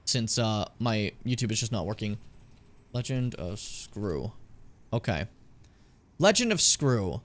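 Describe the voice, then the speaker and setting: A man's voice: on the low side, sing-song, slow, long pauses, a bit bright. A young man casually commenting on a game as he plays it, chatting with viewers and swearing often. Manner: chatty, swears a lot, talks to chat. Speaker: streamer.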